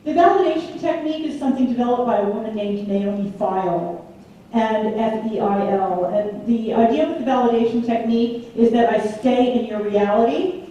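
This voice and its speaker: A woman giving a public lecture, telling lively stories and acting out the voices she quotes. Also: a little high. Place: large community hall. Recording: echoey hall from far off, faint hum.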